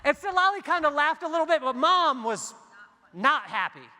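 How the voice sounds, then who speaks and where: A man giving a motivational keynote in a large hall, telling stories in a lively, joking way and acting out the dialogue. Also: very high voice, moderate pace. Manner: animated, jokey storytelling with acted-out dialogue. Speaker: keynote speaker. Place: large hall before a big audience. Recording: long hall reverb.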